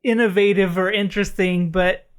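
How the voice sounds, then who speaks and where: A woman's voice: medium pitch, fairly even intonation, normal speed, crowd noise. A woman chatting casually as a podcast co-host, laughing as she talks. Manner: chatty, laughs while telling. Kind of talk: casual chat.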